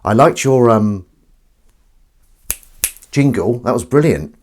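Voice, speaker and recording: Taking things slowly, this streamer speaks in a mid-range, darkish voice with lively intonation. Broadcasting casually from his kitchen, he rambles, breaks off mid-sentence, and curses offhandedly, with faint sink and running-water sounds behind him.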